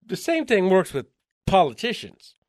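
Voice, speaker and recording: A man being interviewed, telling a story in lively conversation, acting out the voices in his quotes and chuckling along the way. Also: high-pitched, moderate pace, no room sound, clean studio sound. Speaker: interview guest.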